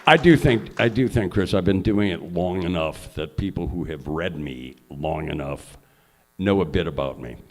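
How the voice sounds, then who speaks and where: An older man with a low voice tells stories to an audience. He is a lively raconteur with salty language who swings from quiet asides to loud punchlines. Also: moderate pace. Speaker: honored guest, journalist. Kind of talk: live anecdotal storytelling on stage. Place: event hall before an audience.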